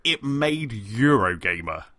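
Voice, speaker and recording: A man's voice: mid-range voice, very animated, takes it slowly, a bit bright, no room sound, clean studio sound. A man co-hosting a casual gaming podcast, telling a story in a chatty way and laughing often. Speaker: podcast co-host.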